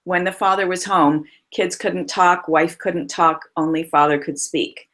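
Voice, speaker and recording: A woman's voice: lowish voice, steady tone, a little slow, a bit bright. A woman voice coach, a guest on a remote call, telling client stories expressively with frequent laughs.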